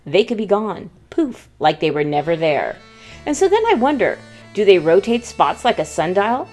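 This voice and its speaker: A woman's voice: mid-range voice, darkish tone. A woman from the United States hosting a humorous travel vlog in a playful, mock-dramatic storytelling manner. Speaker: vlog host.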